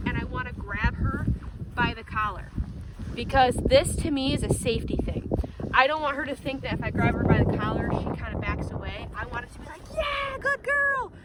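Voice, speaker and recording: A woman dog trainer explaining a training demonstration outdoors in an upbeat, chatty way. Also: high voice. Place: outdoors in a field. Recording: loud wind noise, distant outdoor mic.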